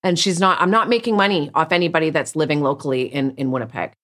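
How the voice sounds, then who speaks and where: A woman with a notably low voice speaks frankly as a podcast guest. She rambles, restarts her sentences and talks bluntly. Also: fast talker, fairly bright tone. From Canada. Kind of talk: candid interview conversation.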